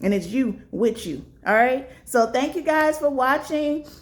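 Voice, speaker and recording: A motivational vlogger, a woman, urges her viewers to fight for themselves in a casual, preachy, earnest way. Her voice is expressive and her pace measured, and she acts out little dialogues with big pitch jumps.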